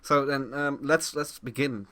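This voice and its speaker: A man hosting a casual gaming podcast, loose and quick to laugh. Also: mid-range voice, fairly even intonation, pushed and bright. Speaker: host.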